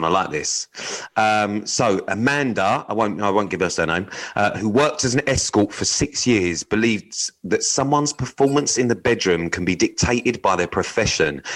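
Male co-host, low voice, blunt and sweary, casual banter. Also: fairly bright tone, poor audio. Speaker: podcast co-host. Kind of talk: casual chat, reading news items.

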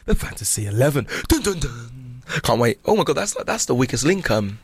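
A man's voice: medium pitch, sing-song, quick pace, breathy edge, no room sound. A British man co-hosting a football podcast in a studio, laughing often and tripping over his words in casual banter. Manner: laughs often, stammering restarts. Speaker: podcast co-host.

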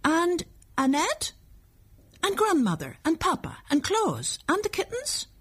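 A woman voicing a small, spoilt boy in a storybook reading, high and pleading. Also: huge pitch swings, unhurried, a bit bright, full character voice.

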